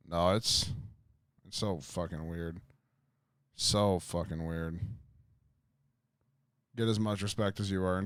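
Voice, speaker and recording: A man's voice: sits low, smooth, no echo. A man livestreaming, telling a rambling story to his chat with lots of swearing, fillers and restarts.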